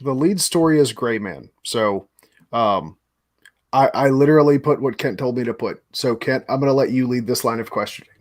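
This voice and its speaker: A man's voice: mid-range voice, moderate pace. A man hosting a podcast in casual chat, reacting and handing over the questions. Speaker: podcast host.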